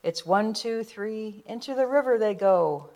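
A woman voicing an excited little girl in a storybook. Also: mid-range voice, unhurried, pitched above the performer's own voice.

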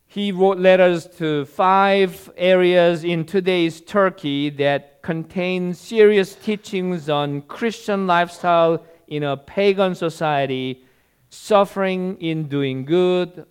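A male preacher delivering a sermon at an unhurried, measured pace. His voice is smooth and clear, sitting a little high for a man, and he tells stories in a deliberate way. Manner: slow, deliberate storytelling delivery.

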